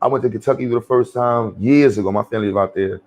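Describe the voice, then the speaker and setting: A man's voice: mid-range voice, fast talker. Blunt, profane New man ranting. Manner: animated, blunt and profane, rambling with many fillers and restarts. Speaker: commentary channel host. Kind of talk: off-the-cuff social commentary.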